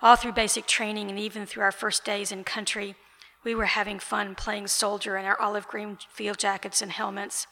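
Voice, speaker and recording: A woman author reads her novel aloud in a steady, even voice. The voice is bright and gravelly, with very little rise and fall. The sound carries a long hall echo. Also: mid-range voice, normal speed. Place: author event, indoors. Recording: reverberant event room.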